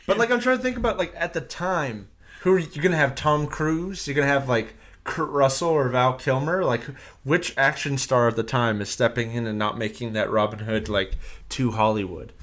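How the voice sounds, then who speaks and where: A man co-hosting a podcast in casual chat, relaxed and hedging his opinions with "like" and "I feel". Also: medium pitch, normal speed. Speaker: podcast co-host.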